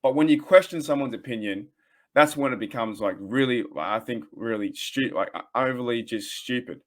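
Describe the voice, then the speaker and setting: A man's voice: mid-range voice, normal speed. An Australian man in his thirties hosting a casual sports fan podcast, ranting in a rambling, heated way with frequent restarts. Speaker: podcast host.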